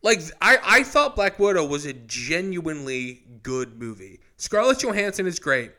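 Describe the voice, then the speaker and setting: A man's voice: high voice, moderate pace. A young adult man co-hosting a podcast, chatting casually and gushing with enthusiasm. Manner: excitable, enthusiastic fan. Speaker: podcast co-host. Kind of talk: casual chat.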